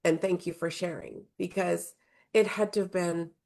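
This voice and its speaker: A woman's voice: lowish voice, fairly even intonation, moderate pace, vocal fry, a little mellow. A woman hosting a podcast who asks probing follow-up questions and affirms her guest. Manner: probing, supportive interviewer. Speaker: podcast host. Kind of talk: casual interview.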